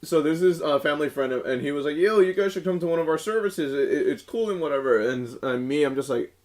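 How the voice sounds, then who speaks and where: A man's voice: a little high, animated, fast talker, darkish tone. A young man co-hosting a podcast, rambling through a story with lots of fillers and frequent laughter. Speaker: podcast co-host. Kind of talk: casual chat.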